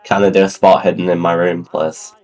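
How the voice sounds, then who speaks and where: A man at a tabletop game table, chatting in character with dry, matter-of-fact remarks. His voice sits very low, with faint music behind. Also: level tone, fairly quick, darkish tone. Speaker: player.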